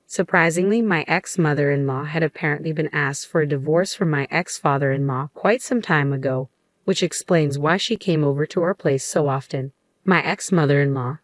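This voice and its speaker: Low-voiced woman narrating a story. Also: dry recording, clean studio sound. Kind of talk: scripted first-person story narration.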